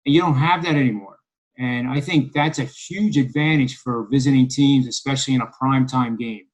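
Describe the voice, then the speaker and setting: A man's voice: medium pitch, fairly quick, poor audio. A man from Philadelphia talks through his betting picks in a casual podcast discussion. He rambles with plenty of ums and uhs and slips in wry asides. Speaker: sports betting analyst.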